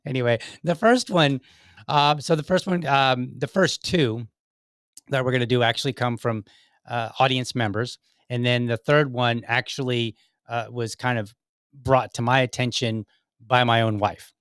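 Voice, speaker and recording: A middle-aged man hosts a politics podcast in a loose, rambling way. He keeps cracking self-mocking dad jokes. His voice sits in an ordinary middle pitch, and the recording is dry and close. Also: fairly even intonation, moderate pace, a bit bright, clear, resonant tone, dry recording. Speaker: podcast host. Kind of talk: casual political podcast talk.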